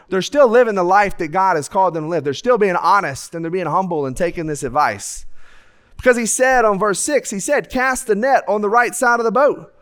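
A male preacher with a high-pitched voice, speaking into a stage microphone in a church. His sermon is humorous and folksy, and he slips into the voices of people in his stories to act them out. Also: fairly bright tone, clean tone. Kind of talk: lively sermon. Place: church sanctuary.

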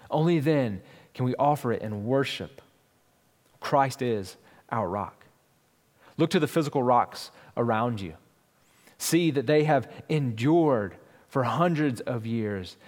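A man's voice: mid-range voice, long reverb tail. A man preaching a sermon as pastor, talking in a conversational way with frequent asides to the congregation.

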